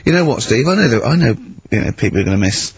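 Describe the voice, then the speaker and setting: A man's voice: mid-range voice, big pitch swings, fast talker, a little hiss or hum. A man hosting a radio show in a studio, giggly, crude and teasing in his banter. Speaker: radio host. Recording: dull lo-fi radio broadcast.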